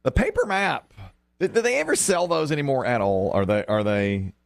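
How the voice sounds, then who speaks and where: A man's voice: mid-range voice, animated, normal speed, creaky, no room sound. A man in his fifties, a radio host, rambling wryly through casual banter. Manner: rambling, wry storyteller.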